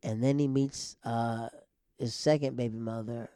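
A man casually telling a long story, animated, with frequent restarts and acted-out quotes. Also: medium pitch, a little slow, smooth, no room sound, clean studio sound. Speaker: storyteller guest.

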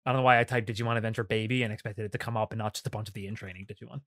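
A man's voice: lowish voice, steady tone, rapid-fire, fairly bright tone. Laughing, swearing podcast man. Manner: laughs often, swears casually. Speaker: podcast host. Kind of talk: casual chat recapping a cartoon.

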